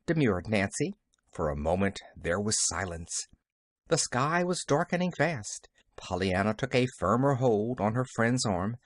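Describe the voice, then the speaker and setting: A man's voice: on the low side, sing-song, unhurried, no echo, studio quality. A man reading a novel aloud as an audiobook narrator, telling the story expressively.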